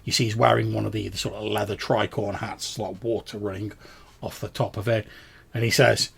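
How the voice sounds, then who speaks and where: A man running a tabletop game as game master, his voice gravelly and a little husky. He describes scenes in a loose, rambling way, full of "sort of" and "like". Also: fairly low pitch, little pitch movement, a little fast, fairly bright tone.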